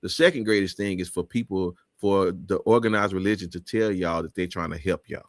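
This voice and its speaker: A man's voice: low-pitched, fairly quick, no room sound, studio quality. A man hosting a live talk show, speaking in an emphatic, preachy way with many restarts.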